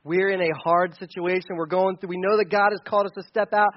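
A man preaching a sermon in a conversational, animated way, sometimes shouting for emphasis. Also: high-pitched, brisk, few pauses, lo-fi sound. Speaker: pastor.

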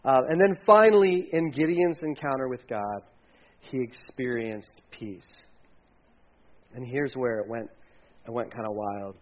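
A man preaching a sermon in a casual, animated way, acting out quotes and sometimes dropping his voice low. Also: unhurried, dull audio. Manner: conversational, animated, acts out quotes, drops to hushed tones. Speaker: pastor.

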